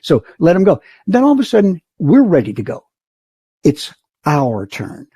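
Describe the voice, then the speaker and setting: With a fairly high-pitched, husky voice at normal speed and no room sound, an older flight instructor shares stories on a podcast. He tells them with animation and acts out others' voices.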